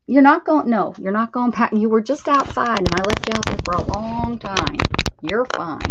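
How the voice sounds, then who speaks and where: Speaking slightly slowly in a fairly high voice, an American woman chats casually on her crafting livestream, breaking into baby-talk for her cat while she works. The recording is very noisy.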